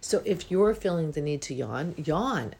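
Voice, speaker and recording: A woman giving an unhurried, reflective spiritual talk as a healing coach, with many pauses and yawns. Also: deep voice, animated, a little mellow, husky. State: yawning.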